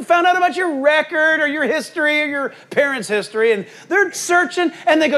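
A man preaching a sermon as pastor, swinging between loud emphatic bursts and quiet, hushed asides. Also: extremely high pitch, fairly quick, few pauses.

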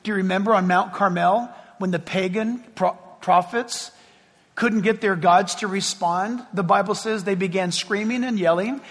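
A man preaching a sermon as pastor, talking conversationally and joking, swinging between loud and hushed. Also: high voice, husky. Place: church sanctuary. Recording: long hall reverb.

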